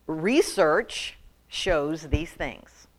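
Animated, joking woman preaching. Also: sits low, drawn-out words. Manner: animated, joking, calls for audience answers. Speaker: women's ministry speaker. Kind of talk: humorous sermon to a women's group.

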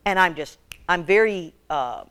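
A middle-aged woman speaking to a women's meeting, telling humorous stories in an animated way and often laughing as she talks. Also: fairly low pitch, unhurried, clean tone. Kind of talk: humorous storytelling talk.

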